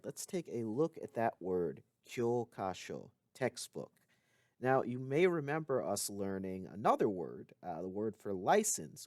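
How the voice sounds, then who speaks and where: A man giving a recorded language lesson, explaining clearly with occasional casual asides. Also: fairly low pitch, darkish tone, no echo, studio quality. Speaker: language teacher.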